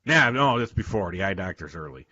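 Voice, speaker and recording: A wisecracking man talks fast with a bright, sharp voice on a casual talk radio show. His pitch jumps around a lot, and the sound is slightly dull and lo-fi. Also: no room sound. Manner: wisecracking, crude, lively.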